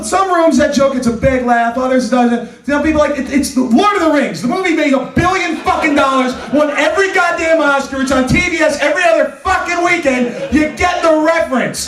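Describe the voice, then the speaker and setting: High-voiced comedian in an echoey club. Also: male voice. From New Jersey. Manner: conversational, with sudden loud rants. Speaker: stand-up comedian. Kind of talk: stand-up comedy set. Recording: roomy club sound, voice from a distance.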